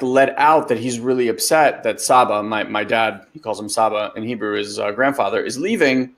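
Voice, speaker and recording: A man hosting a webinar, talking loosely as a life coach and answering a listener's question, with lots of "like" and "you know". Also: medium pitch. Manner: loose, conversational, many fillers like "like" and "you know".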